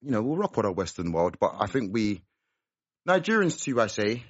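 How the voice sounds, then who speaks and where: A man, a guest on a podcast, chatting calmly in slang and often murmuring agreement. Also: lowish voice, moderate pace, breathy edge, dry recording, lo-fi sound. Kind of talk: casual chat.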